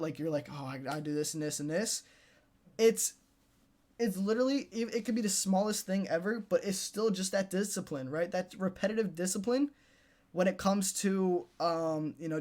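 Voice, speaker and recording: A man's voice: sits high, normal speed. A young man coaching day traders in a casual motivational talk, repeating himself and ending points with "right?" and "dude". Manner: repetitive, pep-talk, tags "right?" and "dude".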